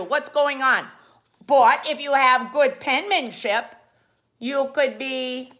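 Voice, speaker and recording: A woman's voice: high voice, slow, fairly bright tone. A woman hosting a comic how-to show, playful and rambling, full of jokey asides. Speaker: host.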